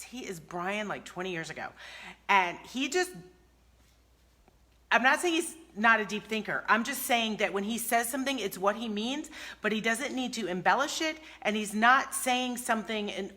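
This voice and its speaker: A woman's voice: mid-range voice, sharp tone. A woman hosting a furniture painting livestream, chatting casually and telling stories with animation.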